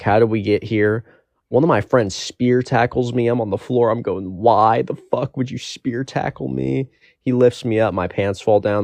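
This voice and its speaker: A man's voice: fairly low pitch, a little mellow, no room sound. A young man telling a rambling, profane story in a casual storytime monologue.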